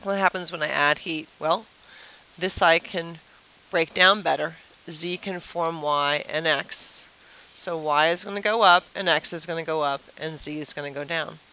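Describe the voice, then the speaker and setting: A woman teacher runs a casual review lesson at the whiteboard, her voice bright and clear. She keeps throwing questions at the class and explains with playful everyday comparisons. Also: low-pitched, steady tone, unhurried, low-quality recording. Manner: chatty, asks the class rhetorical questions.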